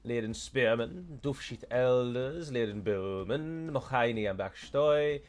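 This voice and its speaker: A man's voice: mid-range voice, measured pace. Chatty British man streaming a war game. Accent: British English. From United Kingdom. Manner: chatty, with mock-heroic pronouncements. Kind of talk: live gameplay commentary.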